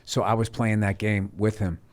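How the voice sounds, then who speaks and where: Profane, animated storytelling man. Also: on the low side, moderate pace. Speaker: guest comedian. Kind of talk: casual comedy podcast chat.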